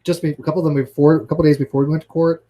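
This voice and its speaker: A man in casual livestream chat, excitable and profane, often restarting his sentences. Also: a little high, racing.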